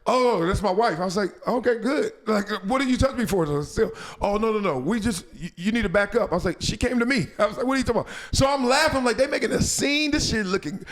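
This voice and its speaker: A man hosting a podcast, telling a story in casual chat, animated and laughing as he acts out quotes. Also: high-pitched, quick pace, few pauses. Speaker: podcast host.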